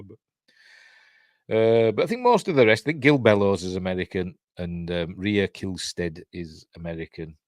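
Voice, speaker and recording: A man's voice: sits low, no room sound. A man with a Yorkshire accent hosting a film review, talking casually over the film with lots of fillers and chatty asides. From Yorkshire, England.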